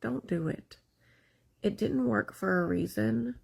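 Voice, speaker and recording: A single mother talking through a confessional vlog, emotional and halting with many fillers, sounding tearful. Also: mid-range voice, creaky, slightly rough.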